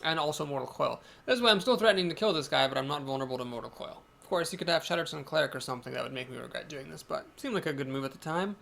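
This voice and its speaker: Chatty man with a gravelly voice. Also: a little high, expressive, rapid-fire, few pauses, sharp tone. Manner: chatty, self-deprecating, thinks aloud. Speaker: game video host. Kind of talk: casual gameplay commentary.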